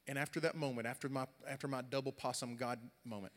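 A young adult man preaching a sermon, swinging from loud, animated storytelling to quiet, earnest talk. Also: medium pitch, fast talker. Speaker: pastor. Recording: long hall reverb.

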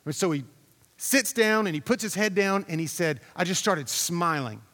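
A man's voice: sits high, lively intonation, normal speed, fairly bright tone, in a large hall. A man preaching a sermon as a pastor, talking in a conversational, storytelling way, repeating himself and putting questions to the congregation.

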